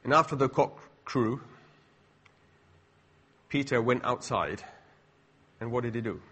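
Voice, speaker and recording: A man's voice: mid-range voice, measured pace, a bit bright, husky. A middle-aged man preaching a sermon in a conversational way, full of asides and rhetorical questions.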